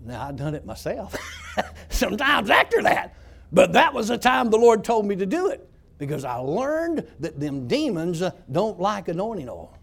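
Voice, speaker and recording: A man's voice: high-pitched, very animated, moderate pace, vocal fry. A man telling a testimony story as a former prison pastor, in a folksy, emphatic way.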